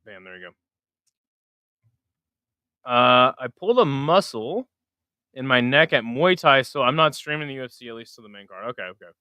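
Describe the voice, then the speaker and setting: A man casually hosts a live stream, swearing and joking at his own expense. His voice is bright and lively, with a smooth, clear tone. It sounds close and dry. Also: medium pitch, normal speed, pauses often, no echo. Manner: profane, self-mocking, mutters to himself. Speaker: livestream host.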